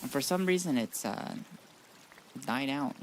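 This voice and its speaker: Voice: medium pitch, lively intonation, unhurried, slight background noise. A streamer from the United States chatting loosely and swearing while playing a game, answering chat as they go. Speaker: gaming streamer. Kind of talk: casual live-stream chat.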